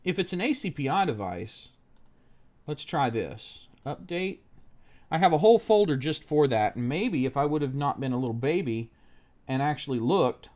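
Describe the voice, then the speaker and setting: A man's voice: on the high side, expressive, normal speed, a little mellow. A man live-streaming a laptop repair, swearing at a website in exasperated rants and muttering through technical steps under his breath. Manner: exasperated, profane ranting at the screen. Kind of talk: live-stream tech commentary.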